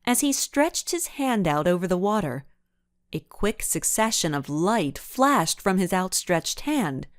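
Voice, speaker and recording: A woman narrating a children's mystery audiobook in an expressive storytelling manner. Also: fairly low pitch, unhurried, no room sound, clean studio sound. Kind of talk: scripted narration.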